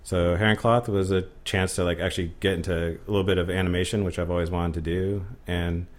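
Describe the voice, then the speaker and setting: A man with a low, relaxed voice chats casually as a guest. He tells his stories in an easygoing way, quoting the people in them as he goes. His pitch sits clearly below most men's. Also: fast. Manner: easygoing storyteller, quotes others in his anecdotes. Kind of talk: casual chat.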